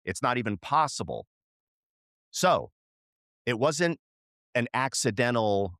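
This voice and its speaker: A middle-aged man co-hosting a podcast, telling a story in casual chat and jumping up in pitch when he acts out what people said. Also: measured pace, long pauses, no echo, clean studio sound. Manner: animated storyteller, voices quoted people with jumps in pitch. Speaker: podcast co-host.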